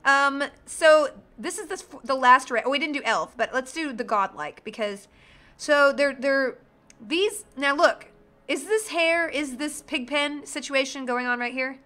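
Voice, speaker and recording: A woman livestreams herself creating a character in a role-playing game, reading chat and joking with viewers in a bubbly, irreverent way. Her voice sits high, with a sharp tone and a somewhat slow pace.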